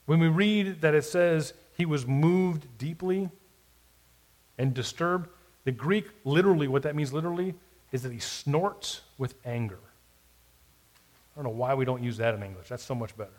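A male pastor preaching a sermon in a reflective way, moving between soft, quiet asides and emphatic declarations. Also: a little high, moderate pace. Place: church or podcast recording.

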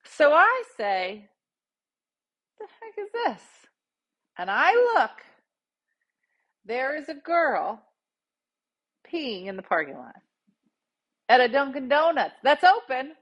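A woman host casually telling a funny story, jumping into loud quoted voices. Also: sits high, very animated, slow, pauses often, muffled recording. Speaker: podcast host.

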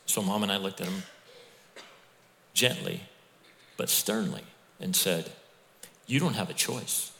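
Conversational preacher in a reverberant hall. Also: male voice, low voice, unhurried, creaky, pauses often, noisy background. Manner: conversational storytelling preacher, animated with asides. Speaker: pastor. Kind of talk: sermon.

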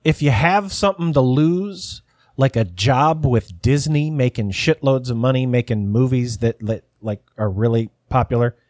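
A man's voice: medium pitch, moderate pace, a little mellow, dry recording, clean studio sound. A man hosting a podcast, chatting casually, rambling and cursing as he mocks himself. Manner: rambling, profane, self-mocking. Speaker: podcast host. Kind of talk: casual chat.

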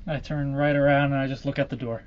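A man's voice: mid-range voice, level tone, quick pace, muffled recording, slight background noise. A man playing in a tabletop game, talking plainly and asking questions. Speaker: player. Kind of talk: casual tabletop play.

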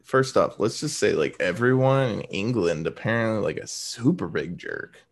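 Male podcast co-host, lively voice, casual chat, loose filler-heavy speech. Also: lowish voice, moderate pace, gravelly.

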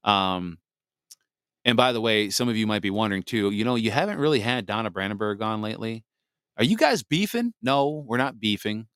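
A man's voice: fairly low pitch, expressive, fairly quick, fairly bright tone, clean tone, no room sound, studio quality. A man hosting a podcast, talking on his own in a casual, rambling way, full of fillers and restarts. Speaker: podcast host. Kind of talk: casual solo podcast monologue.

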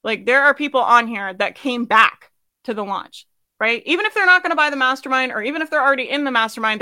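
A woman's voice: high voice, expressive, fast talker, sharp tone, dry recording. A woman business coach giving a live sales training, blunt and swearing casually, asking her audience questions and laughing often.

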